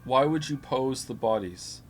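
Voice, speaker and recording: A man's voice: mid-range voice, animated, measured pace, slight background noise. A man streaming a video game, giving casual, wry, reactive commentary.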